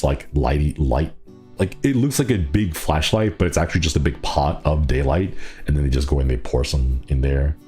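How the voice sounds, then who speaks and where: Very deep-voiced man with a stuffy nose. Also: mellow. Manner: rambling, playful. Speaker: streamer. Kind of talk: casual chat stream. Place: small city apartment, indoors.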